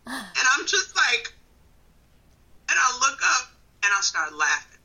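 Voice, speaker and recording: A woman from Wisconsin, a comedian in her thirties, telling a story in casual chat on a phone call, animated and laughing often. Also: sits high, slow, breathy edge. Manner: animated, laughing often, swings between loud and quiet. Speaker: comedian guest.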